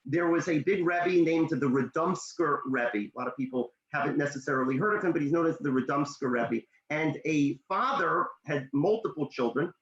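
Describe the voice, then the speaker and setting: A motivational speaker, a man, telling a story in a discussion, animated, his voice leaping up when excited. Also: fairly high pitch, normal speed, hardly any pauses. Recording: echoey room, dull lo-fi sound.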